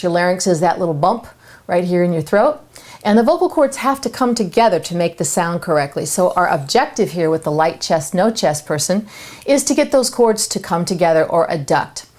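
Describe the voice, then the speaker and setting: A woman vocal coach, giving a singing lesson with clear, instructive explanations. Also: lowish voice, expressive, moderate pace, darkish tone. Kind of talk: singing lesson with sung demonstrations.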